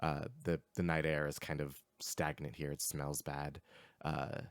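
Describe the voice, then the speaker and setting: Low-voiced man narrating a tabletop game. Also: flat delivery, measured pace, smooth, no room sound. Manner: loose and hesitant, many fillers. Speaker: game master.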